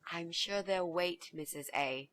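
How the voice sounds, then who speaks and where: An actress playing a brash young woman student who talks her way in as a babysitter, bold and quick to take charge. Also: on the low side, fairly bright tone. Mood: confident.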